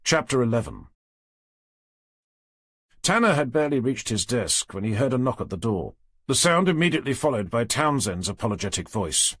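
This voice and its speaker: Husky man narrating an audiobook. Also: very animated, a bit bright, no room sound, clean studio sound. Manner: measured, low-key storytelling. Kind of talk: scripted narration.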